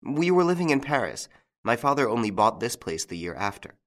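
Anxious and breathless, this frightened young French lady pleads in a raised, lilting voice, as a male audiobook narrator puts her on. Her words are quick and fearful, and her pitch leaps up high whenever she is alarmed. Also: very animated, a bit bright. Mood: earnest. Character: frightened young French woman of a country estate.

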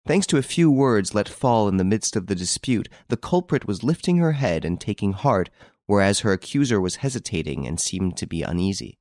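A man narrating a classic novel as an audiobook, in measured, expressive storytelling. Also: on the low side, no echo, studio quality.

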